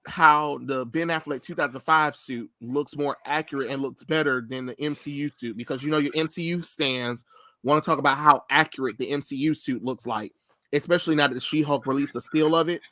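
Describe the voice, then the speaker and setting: A man hosting a casual pop culture chat, ranting with animated energy and plenty of swearing. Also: a little high, brisk, no room sound, clean studio sound. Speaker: podcast host.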